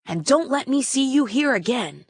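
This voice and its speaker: A woman's voice: high-pitched, lively intonation, normal speed, dry recording, voice pushed up, heavily acted. A woman voicing a stern, scowling male ship steward who hisses threats in a storybook reading. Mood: threatening. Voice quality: gruff, hissing.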